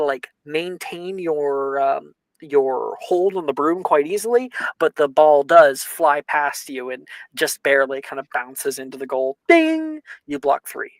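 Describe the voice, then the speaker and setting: A young man running a tabletop game, narrating the action loosely with lots of fillers and shouted sound effects. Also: fairly high pitch, no echo. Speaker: game master.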